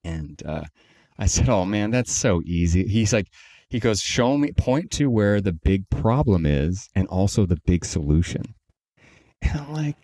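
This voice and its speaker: A man co-hosting a podcast, telling a long story in a casual, animated way and acting out the people he quotes. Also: sits low. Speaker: podcast co-host, company CEO.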